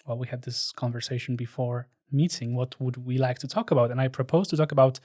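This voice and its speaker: Measured young podcast host. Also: male voice, mid-range voice, no echo, studio quality. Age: 20s. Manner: calm, measured questions with frequent short affirmations. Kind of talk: casual interview.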